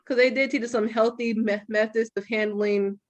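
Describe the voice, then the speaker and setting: A young adult woman hosting a podcast, talking frankly and with some profanity in an animated, storytelling way. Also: fairly high pitch, moderate pace. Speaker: podcast host. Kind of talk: candid podcast conversation.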